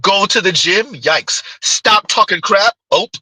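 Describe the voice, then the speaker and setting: A man's voice: high voice, expressive, takes it slowly, pushed and bright, husky, dry recording, rough recording. A man streaming casual commentary on clips, mocking and giggling as he rambles.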